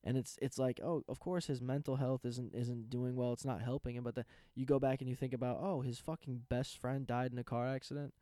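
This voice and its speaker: A man's voice: mid-range voice, little pitch movement, a little fast, hardly any pauses, warm tone, dry recording, clean studio sound. A man hosting a podcast, ranting casually about news headlines in a profane, sarcastic, rambling way. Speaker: podcast host.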